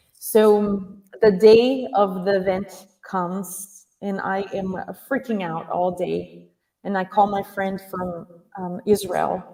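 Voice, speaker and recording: Animated woman telling a story, off-mic. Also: mid-range voice, recorded from a distance. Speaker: guest. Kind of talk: storytelling in a casual chat.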